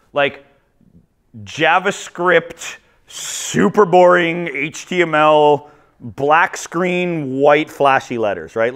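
A man from Ontario, a teacher telling jokey, animated stories in a conference talk. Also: on the high side. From Ontario, Canada. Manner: animated, jokey, acts out quoted voices. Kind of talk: humorous storytelling presentation.

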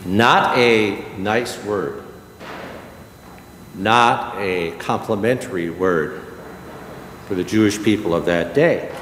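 Slow-preaching older man in an echoey church. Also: on the low side, fairly bright tone, a little hiss or hum. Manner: slow, emphatic preaching with dramatic pauses. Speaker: pastor. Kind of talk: sermon. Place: church sanctuary. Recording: echoey church hall with long reverb.

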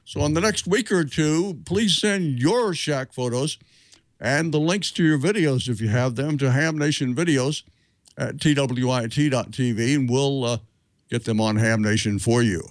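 A middle-aged man hosting a show, reading announcements in a measured, steady way with a few fillers. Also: medium pitch, dry recording. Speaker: show host. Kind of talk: scripted announcements.

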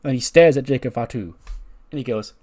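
A man's voice: mid-range voice, fairly quick, darkish tone. A man hosting a game channel, casually narrating a wrestling simulation in a laid-back, slangy way with muttered asides.

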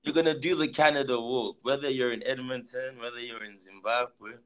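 A man's voice: mid-range voice, steady tone, fairly quick, rough recording. Playful joking man guest, crowd behind. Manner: playful, joking, laughs often. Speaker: guest musician and comedian. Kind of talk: casual interview chat.

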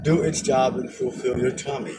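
A man's voice: mid-range voice, steady tone, moderate pace. A man vlogging casually from a car stuck in traffic, teasing and insisting in a playful bicker. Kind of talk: casual chat. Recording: road noise inside a car.

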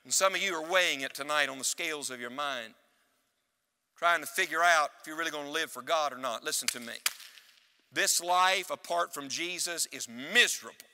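High, ringing-voiced preacher in a reverberant hall. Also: male voice, sharp tone. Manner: emphatic preaching with call-and-response. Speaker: evangelist. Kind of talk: sermon. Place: church.

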